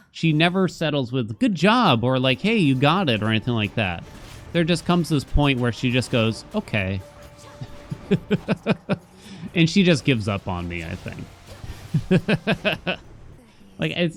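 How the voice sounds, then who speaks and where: A man's voice: mid-range voice, slight background noise. A young man casually commenting on his gameplay, thinking aloud and chatting about his life between moves. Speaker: gaming streamer.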